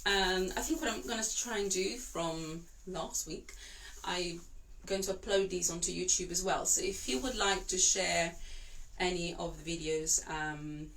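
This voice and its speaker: An Italian-born woman, an opera singer, talks casually to her online students. Her voice sits on the low side for a woman. She rambles and restarts, filling her pauses with "um". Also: a bit bright, poor audio. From Italy. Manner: chatty, rambling, with many fillers and restarts. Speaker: opera singer and vocal coach. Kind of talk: casual chat to online class.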